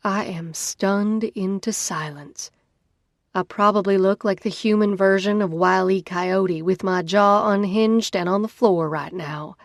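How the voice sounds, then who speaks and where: A woman's voice: medium pitch, no echo. A female narrator reads a first-person story expressively in a mid-range voice. The recording is dry and close, with no room sound. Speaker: audiobook narrator.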